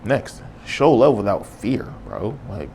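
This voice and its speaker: A man with a low, deep voice and a gravelly edge hosts a solo podcast. He talks in an earnest, reflective way, casual and loose, dropping "bro" as he goes. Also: very animated, slow pace, a little mellow, slight background noise. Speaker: podcast host.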